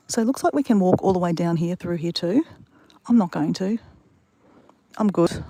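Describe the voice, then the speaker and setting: A woman's voice: lowish voice, lively intonation, normal speed, long pauses, warm tone, a little hiss or hum. A woman live-streaming outdoors in the bush, rambling through stories and talking straight to her chat. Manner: chatty, rambling storyteller talking straight to viewers. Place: outdoors in the bush beside water.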